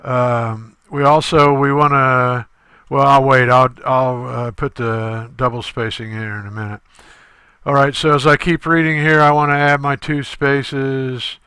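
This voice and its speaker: A male instructor talking through a screen-recorded tutorial step by step, halting often with fillers. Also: medium pitch, steady tone, bright, forceful tone, smooth, no room sound.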